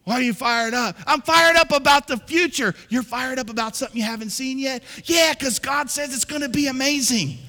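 A man with a high voice delivers a lively, humorous sermon from a church stage. His energy keeps building to fired-up exclamations. The recording carries the long reverb of a large hall. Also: a little fast, few pauses. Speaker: pastor.

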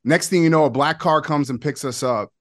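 A man in his forties telling a personal story as a podcast guest, excited, with quick bursts and laughing asides. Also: fairly high pitch. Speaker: podcast guest, former player. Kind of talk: animated storytelling.

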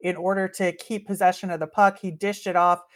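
A young woman with a slightly low voice co-hosts a sports podcast. She talks in a loose, upbeat way and fills her sentences with "um" and "you know.". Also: flat delivery, a little fast. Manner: chatty, upbeat, many fillers. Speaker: podcast co-host. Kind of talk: casual hockey podcast chat.

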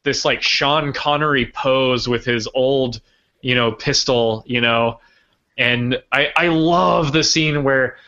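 A man talks through a favorite film with friends, animated and quick to laugh. His voice has a bright, forward ring to it. The recording is a little dull and muffled. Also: mid-range voice. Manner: animated, laughs often, quotes characters. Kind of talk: casual film discussion.

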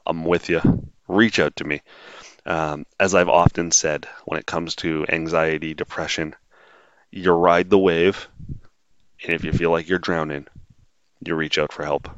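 A very deep-voiced man hosts a solo podcast, drifting from point to point with dry sarcasm and plenty of ums. The sound is dull and lo-fi, with a dead, dry room around him. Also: steady tone, measured pace, long pauses, fairly bright tone, clean tone, dry recording. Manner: rambling, wry and sarcastic, frequent filler words. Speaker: podcast host. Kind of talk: casual solo monologue.

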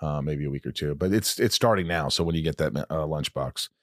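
Deep-voiced man hosting a podcast. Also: brisk, no room sound, clean studio sound. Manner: rambling, with self-deprecating humor. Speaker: podcast host. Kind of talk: casual podcast chat.

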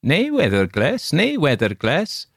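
A man voicing a repulsive old peddler of spectacles with a harsh, hoarse voice and a wheedling, sardonic manner. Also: a little high, huge pitch swings, unhurried, dry recording, studio quality, voice pushed up, heavily acted.

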